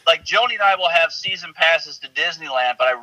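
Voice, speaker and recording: A man, an actor guest, telling animated, rambling stories in casual chat with frequent restarts. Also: fairly high pitch, brisk, lo-fi sound.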